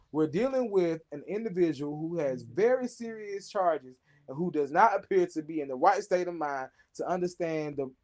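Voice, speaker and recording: A high-pitched man reads the news aloud in a loose, joking way. He trips over unfamiliar names and breaks into laughter as he riffs on each story for his co-host. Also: a little mellow. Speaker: show host. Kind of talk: casual news reading with commentary.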